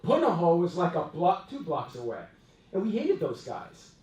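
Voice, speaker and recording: Man from Hawaii addressing staff, slightly high voice, a lively and chatty storyteller, heard from afar in an echoey room. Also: moderate pace, far from the mic. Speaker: company president. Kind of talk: storytelling speech to employees.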